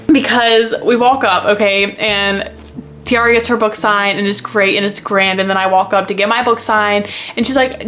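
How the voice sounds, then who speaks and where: A young woman in her twenties chatting to camera about her books, gushing and excitable, rambling from one thought to the next. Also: medium pitch. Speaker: book vlogger. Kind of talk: casual chat to camera.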